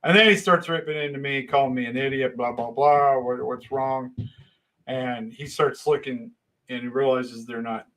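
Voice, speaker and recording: A middle-aged man telling a long casual story, animated, with sudden loud bursts and hushed asides. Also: mid-range voice, normal speed.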